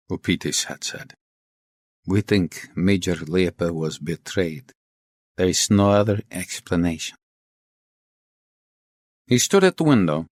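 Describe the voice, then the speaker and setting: Man, audiobook narration, very low voice, lively intonation, dry close sound. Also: no echo. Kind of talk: scripted narration.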